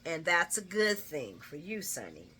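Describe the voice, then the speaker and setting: A woman's voice: low voice, very animated, measured pace, sharp tone, slight background noise. A woman hosting a casual soap opera recap, chatty and familiar, retelling scenes and laughing along as she acts out the dialogue. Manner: addresses listeners familiarly. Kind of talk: casual daily show recap.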